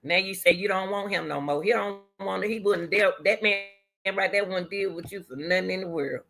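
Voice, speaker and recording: A middle-aged woman hosting her own commentary channel, with a bright, forceful voice. She repeats her points over and over and cries out to the Lord as she speaks. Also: mid-range voice, a little fast, creaky. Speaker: commentary host and track coach. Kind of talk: emotional commentary talk.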